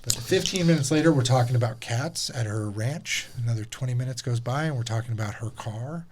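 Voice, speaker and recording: Male podcast host, casual storyteller, profane and lively, average pitch, faint room noise. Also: a little fast. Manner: animated, swearing, acts out voices in his stories.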